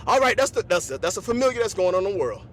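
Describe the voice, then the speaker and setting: A man hosting a podcast, delivering an animated comedic monologue full of laughs and repeated asides. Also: high-pitched, very fast, slight background noise. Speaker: podcast host.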